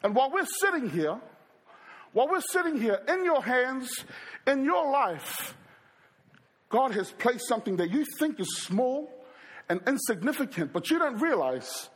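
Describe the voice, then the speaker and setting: A man preaching through stories, acting out voices and talking directly to the congregation. His voice is high and swings widely in pitch. There is a husky, breathy edge to it. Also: a little slow. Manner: animated storyteller who acts out quoted voices and addresses the crowd. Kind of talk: storytelling sermon.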